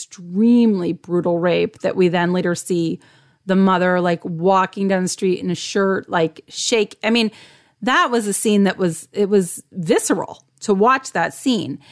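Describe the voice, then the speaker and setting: A woman's voice: fairly low pitch, fairly even intonation, normal speed. A woman co-hosting a casual discussion, reflective and chatty, leaning on lots of filler words. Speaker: podcast co-host.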